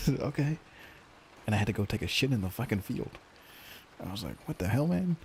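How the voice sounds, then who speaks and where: Gravelly low-voiced man ranting profanely. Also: sing-song, moderate pace, a little mellow, slight background noise. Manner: profane, ranting, mock-grumpy joking. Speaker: streamer. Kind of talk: casual chat with viewers.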